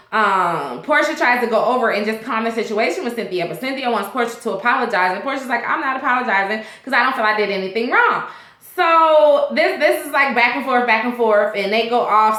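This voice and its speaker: A chatty woman vlog host recaps a TV episode in a loose, rambling way, full of ums and restarts. Her voice is bright and sits a little high. The sound comes from a roomy, echoey space. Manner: chatty, rambling, many fillers. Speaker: TV show reviewer, vlog host.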